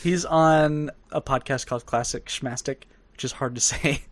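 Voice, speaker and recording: A young man co-hosting a podcast, talking in a loose, rambling way that breaks into laughter now and then. His voice sits at a middle pitch, close and dry on the mic with no room sound. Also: normal speed, dry recording. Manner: chatty, rambling, laughs often. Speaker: podcast co-host. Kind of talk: casual podcast chat.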